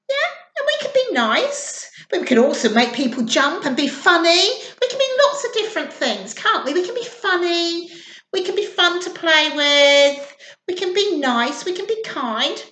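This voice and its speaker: A woman reads to toddlers in a high, swooping sing-song voice, taking her time over every line. The tone is bright and clear, with a roomy echo around it. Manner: warm, sing-song, coaxing. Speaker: children's storytime reader. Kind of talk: reading a storybook aloud to young children.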